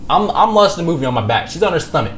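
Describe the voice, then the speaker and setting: A young man telling a story from his own life as a streamer, rambling, slangy and repeating himself, sometimes dropping to a hushed low voice. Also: sing-song, very fast, slight background noise. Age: young adult. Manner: drops to a hushed low voice for spicy parts. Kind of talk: casual storytelling.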